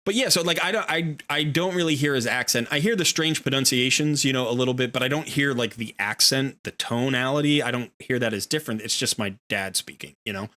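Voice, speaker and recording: A man's voice: mid-range voice, brisk, few pauses, sharp tone. A middle-aged American man hosting a game stream, talking in a rambling, casual way full of fillers and restarts. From United States. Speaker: streamer and host. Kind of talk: casual chat while gaming.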